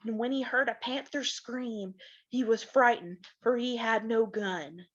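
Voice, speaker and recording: A playful pioneer father spins tales by the fireside, gently teasing and fond, as a woman reading a storybook puts him on. The voice sits fairly high and unhurried, and the sound is slightly muffled. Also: steady tone, heavily acted. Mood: storytelling.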